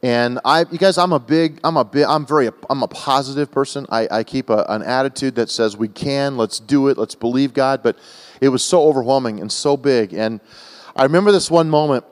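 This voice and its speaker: An American man preaching a sermon to a church, telling a personal story in an emotional, animated way with frequent restarts. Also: mid-range voice, brisk. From United States. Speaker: guest preacher. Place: large church hall. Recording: long church-hall reverb.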